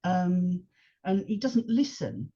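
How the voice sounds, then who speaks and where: A woman talks as a guest on a podcast, her voice husky and on the low side. She chats casually and with energy, walking through scenes she remembers. The recording sounds a little dull and lo-fi. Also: slow. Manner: engaged, animated retelling of scenes. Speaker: podcast guest, longtime fan. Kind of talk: casual chat.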